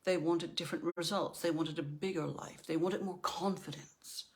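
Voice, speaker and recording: A woman's voice: low voice, fairly even intonation, normal speed. A middle-aged woman from Northern Ireland, a life coach giving a chatty motivational talk and often checking in with "right?".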